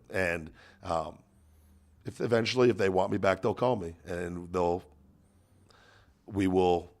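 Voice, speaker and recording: Deep-voiced man in halting podcast talk. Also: creaky. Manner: earnest, halting, many restarts. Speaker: podcast host. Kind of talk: casual podcast chat.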